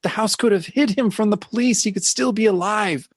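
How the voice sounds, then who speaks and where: A woman's voice: medium pitch, fairly quick, husky, no room sound, clean studio sound, voice pushed up, natural voice. A man putting on the voice of a hysterical grieving widow while retelling a comic book.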